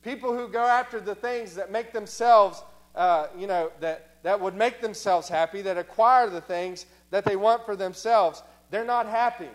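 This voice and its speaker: A man preaching a sermon. He repeats phrases for emphasis, slows down on key lines, and voices the objections of imagined listeners. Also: high voice.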